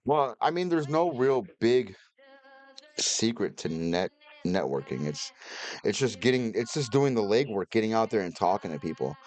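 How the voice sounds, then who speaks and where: A man's voice: fairly low pitch, very animated, moderate pace, darkish tone. A man in his thirties in casual chat, laid-back and plain-spoken.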